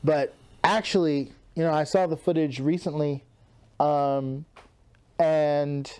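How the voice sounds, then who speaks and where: A man's voice: on the high side, steady tone, slow pace, darkish tone, smooth. A man giving casual commentary on an old match, rambling and restarting, laughing easily. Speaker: wrestling partner.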